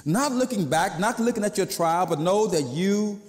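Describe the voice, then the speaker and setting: A male pastor delivering a sermon in an easy, conversational manner. His voice sits a bit high for a man, and it rings with a long reverb from the church around him. Now and then he slips into the voices of people he quotes. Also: expressive, normal speed, a little mellow.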